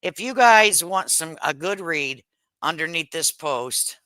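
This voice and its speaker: A woman's voice: deep voice, lively intonation, takes it slowly, bright, forceful tone, no echo, poor audio. A middle-aged woman, chatting casually and laughing on a live stream, speaking into a headset mic at home. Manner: chatty, laughs often, Southern slang. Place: home kitchen. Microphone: headset microphone.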